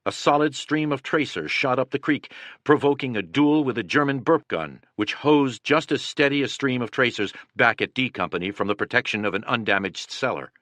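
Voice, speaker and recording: A man reading the words of a soldier who writes of the war in a measured, somber way, close to his own voice. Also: medium pitch, a bit bright, dry recording, natural voice. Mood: tense. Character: reflective male soldier writing of the war.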